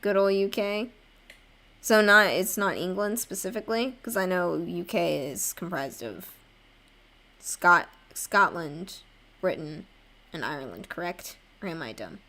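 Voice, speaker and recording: A woman's voice: on the low side, animated, a little slow, bright, forceful tone. A young woman chatting casually with viewers while drawing live, rambling and poking fun at herself. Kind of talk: casual livestream chat.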